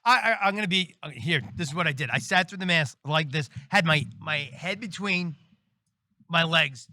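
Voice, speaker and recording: Middle-aged New man, a priest guest telling stories; bright, lively delivery with voices acted out, dry close sound. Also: a little high, moderate pace, no echo. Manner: animated storyteller, acts out quoted voices, laughs often. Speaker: priest and military chaplain, guest. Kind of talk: casual storytelling interview.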